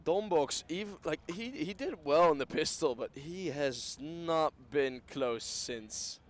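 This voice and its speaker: A man's voice: on the high side, expressive, takes it slowly. A man giving casual color commentary on an esports match, rambling with many fillers. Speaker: esports co-caster.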